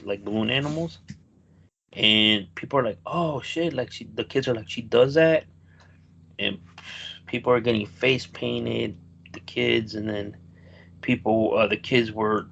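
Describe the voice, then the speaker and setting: A man's voice: medium pitch, pushed and bright, poor audio. A man co-hosting a podcast, telling a long rambling story in casual chat and swearing freely. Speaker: podcast co-host.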